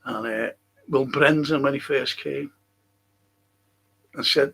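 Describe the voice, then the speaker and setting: Gravelly, slow-talking sweary man. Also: medium pitch, fairly even intonation, a bit bright, low-quality recording. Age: older. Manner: blunt, sweary, ranting. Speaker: podcast host reading viewer comments. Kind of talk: casual livestream chat.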